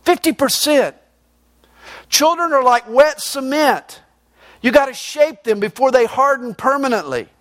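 A man in middle age preaching with emphatic force. His voice sits high for a man, and he moves between loud declarations and low, quiet points. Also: expressive, unhurried. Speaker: pastor. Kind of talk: sermon.

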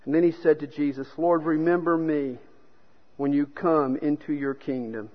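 A man's voice: on the high side, steady tone, moderate pace. A man preaching a sermon, telling stories and acting out the quoted speakers. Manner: storytelling preacher who acts out quotes. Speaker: pastor. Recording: dull sound with long hall reverb.

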